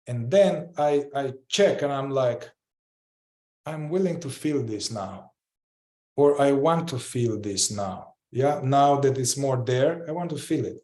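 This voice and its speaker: A man's voice: medium pitch, unhurried, a little mellow, reverberant. A man teaching a group in a casual, reflective way, often repeating short phrases as he demonstrates a practice. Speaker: group facilitator.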